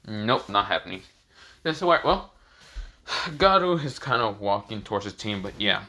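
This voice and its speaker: A man's voice: fairly low pitch, very animated, moderate pace, sharp tone. A young man casually narrating a fan story, rambling and full of fillers.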